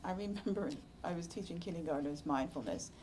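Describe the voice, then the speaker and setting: A woman meditation teacher giving a slow, reflective dharma talk that often drops to a soft, whispery hush. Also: lowish voice, slight background noise. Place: meditation center hall.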